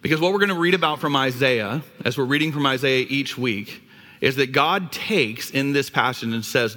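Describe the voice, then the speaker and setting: Male pastor, sermon delivery; bright, sharp tone in a reverberant sanctuary. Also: mid-range voice, normal speed. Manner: storytelling, asks the listeners questions.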